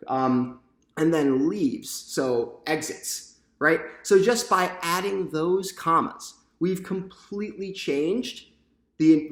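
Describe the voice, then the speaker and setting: A man's voice: a little high, roomy sound. A man giving a sample lesson on punctuation, explaining step by step and often checking in with "right?". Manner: explanatory, asks the class questions, frequent "right?". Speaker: teacher.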